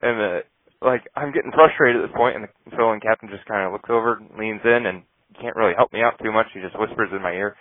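A man's voice: on the low side, quick pace, no echo, phone-quality sound. A man co-hosting a podcast, telling profane, laughing stories about flying. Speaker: podcast co-host and pilot. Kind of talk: casual storytelling chat.

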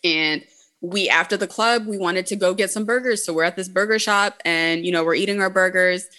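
Bright-voiced woman telling blunt stories. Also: fairly low pitch, brisk. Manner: blunt and profane, heavy use of "like". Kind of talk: casual chat, storytelling.

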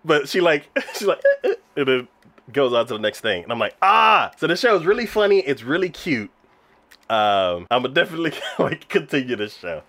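A man in relaxed chat, retelling scenes with a lively, swinging pitch. He laughs often and fills his pauses with "um" and "like.". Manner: animated, laughs often, many fillers like "um" and "like". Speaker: podcast co-host reviewing anime. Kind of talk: casual chat.

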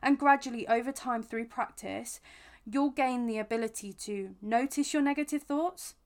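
A woman's voice: a little high, normal speed. Earnest woman giving self-help advice. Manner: gentle, earnest, with frequent restarts and repeated words. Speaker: podcast host. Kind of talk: reflective self-help talk.

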